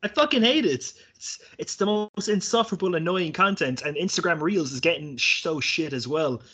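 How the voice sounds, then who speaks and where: A man's voice: a little high, animated, normal speed, pushed and bright, slightly rough. Joking, foul-mouthed male podcast host. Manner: joking, swears a lot. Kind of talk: casual podcast chat.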